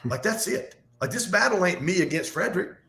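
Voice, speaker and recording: Man, podcast guest, lively swooping delivery, motivational, roomy echo. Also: high-pitched, creaky. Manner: animated, fast-talking, motivational. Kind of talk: casual podcast conversation. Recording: echoey room.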